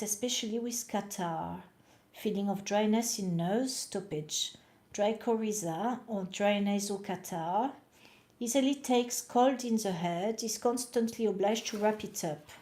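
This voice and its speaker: A woman's voice: mid-range voice, mellow. A woman reading aloud from old books at night and chatting to the camera between passages. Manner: chatty, reads aloud and comments, talks to camera. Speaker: reader of homeopathy books.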